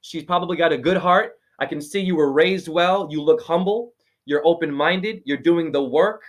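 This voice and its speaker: A somewhat high-voiced man talks over a video call as a spiritual teacher. He is preachy and rambling, and his voice jumps up in sudden excited exclamations. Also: moderate pace. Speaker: spiritual teacher giving a name reading.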